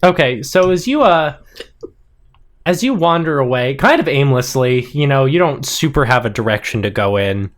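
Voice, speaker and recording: A man narrating a tabletop role-play as game master, relaxed and wry. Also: mid-range voice, moderate pace.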